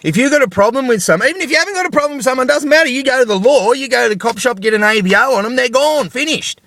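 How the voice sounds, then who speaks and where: A man's voice: very high voice, lively intonation, rapid-fire, gravelly, fairly bright tone. A middle-aged man with an Australian accent, ranting angrily to camera with lots of swearing and repeated rhetorical questions. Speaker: vlogger. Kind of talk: angry ranting monologue.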